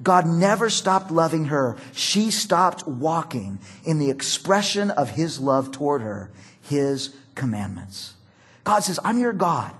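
A man's voice: fairly high pitch, very animated, slow pace, a bit bright, husky. A middle-aged male pastor preaching a sermon in a conversational, storytelling way. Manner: conversational, storytelling with acted quotes.

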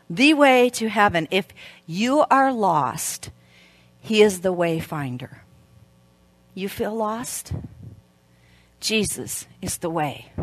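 A middle-aged woman preaching at a women's event, shifting between hushed, slow emphasis and lively, loud storytelling. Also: mid-range voice, no room sound. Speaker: speaker at a women's Christmas event. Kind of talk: sermon.

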